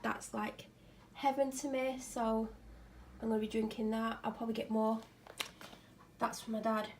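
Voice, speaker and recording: A woman's voice: a little high, level tone, moderate pace, darkish tone, slight background noise. A woman vlogging at home on a clip-on mic, ill and tired, chatting in a rambling, self-mocking way. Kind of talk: casual chat. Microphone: clip-on microphone.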